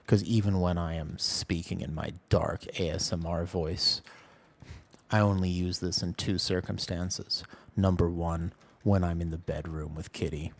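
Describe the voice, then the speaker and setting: A man putting on a low, slow, mock-seductive voice as a whispered role-play bit. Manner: drawn-out, mock-seductive delivery.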